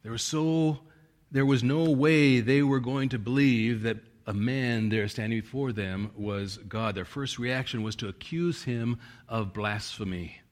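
A man's voice: medium pitch, a little slow. A male pastor preaching a sermon, reading scripture with strong emphasis and chuckling now and then.

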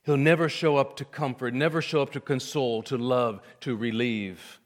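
A man preaching a sermon, swinging from hushed, intimate lines to loud, emphatic cries. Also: medium pitch, steady tone, normal speed. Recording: long hall reverb.

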